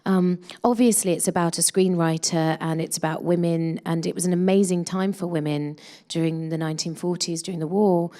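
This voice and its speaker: Chatty woman with a low voice. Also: fairly even intonation, brisk, dark tone. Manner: chatty, many restarts and fillers. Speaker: actress interviewed about her film. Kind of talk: casual press interview.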